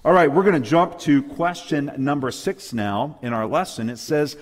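A man's voice: fairly high pitch, moderate pace. Emphatic preacher man in a reverberant hall. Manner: emphatic, calls for amens. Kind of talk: sermon. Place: church hall with a live and online audience.

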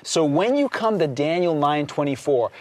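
A man's voice: a little high, sing-song, normal speed, a little mellow. A man earnestly explaining scripture in an emphatic, expository group discussion. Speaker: Bible teacher. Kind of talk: Bible study discussion.

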